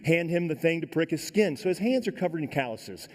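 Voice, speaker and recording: A middle-aged man giving a keynote talk, telling a dramatic story in a folksy, animated way and acting out the other voices. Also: a little high, a little fast, few pauses. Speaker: keynote speaker. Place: large conference hall. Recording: echoey hall sound.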